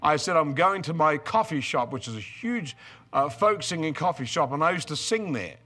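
An older man preaching a storytelling sermon, moving from quiet asides to loud, excited outbursts. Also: a little high, moderate pace.

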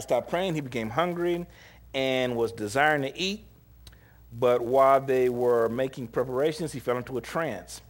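A man preaching a sermon, retelling scripture in a casual, humorous way and laughing often, with short acted-out quotes. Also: medium pitch. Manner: animated, acts out short quoted lines.

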